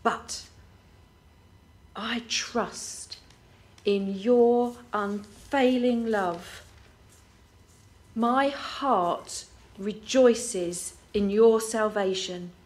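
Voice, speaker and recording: A woman reading a scripture passage aloud in a measured way. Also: mid-range voice, darkish tone.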